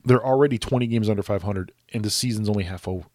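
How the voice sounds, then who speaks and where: A man co-hosting a podcast, talking sports in a casual, animated way. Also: on the low side. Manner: animated, chatty, quick asides and laughs. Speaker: podcast co-host.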